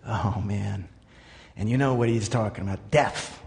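A man preaching a sermon in an earnest way, dropping to quiet asides and then rising to emphatic points. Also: lowish voice, a little slow, gravelly, big-room sound, a little hiss or hum. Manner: earnest, swings between quiet asides and emphatic raised lines. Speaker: pastor.

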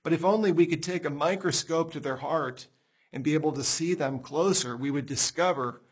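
A man teaching on a Bible passage in a conversational sermon style, animated, acting out quoted dialogue with a laugh here and there. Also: on the high side, moderate pace, slightly rough. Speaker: preacher.

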